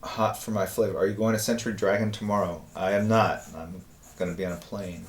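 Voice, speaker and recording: A man's voice: sits low, fairly even intonation, brisk. A man chatting casually on a live art stream, musing aloud in short asides and answering chat as he draws. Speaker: artist streaming while drawing.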